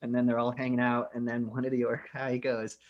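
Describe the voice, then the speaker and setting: A man co-hosting a casual podcast, recounting film scenes in an animated, profane way. His voice sits at an average pitch for a man. He talks like he is chatting with a friend. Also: brisk, dull audio. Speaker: podcast co-host.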